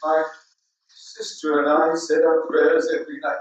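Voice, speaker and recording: An older actor giving a theatrical solo stage monologue, swinging between hushed murmurs and loud outbursts. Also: male voice, a little high, level tone, a little slow, dull audio. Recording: echoey hall, voice from far off.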